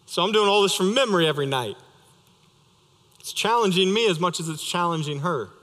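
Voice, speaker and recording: Bright-voiced young pastor in a reverberant hall. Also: male voice, sits high, animated, a little fast. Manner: conversational, storytelling with light humor. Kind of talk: sermon. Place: church sanctuary.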